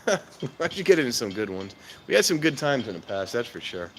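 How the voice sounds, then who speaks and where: Casual male vlogger, mid-pitch voice, chuckly storyteller, noisy outdoor ambience around him. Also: very animated, moderate pace. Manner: chatty, chuckles often between remarks. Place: outdoors at a train station at night.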